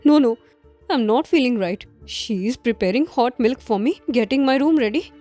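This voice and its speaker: A woman's voice: a little high, moderate pace, warm tone, soft background music, lightly acted. An actress playing a defiant, suspicious pregnant young girlfriend who talks in a demanding, confrontational way.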